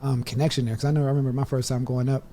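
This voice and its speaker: A man in his thirties hosting an interview, relaxed and chatty, laughing easily. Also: mid-range voice, very fast, a little hiss or hum. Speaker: interview host. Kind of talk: casual interview talk.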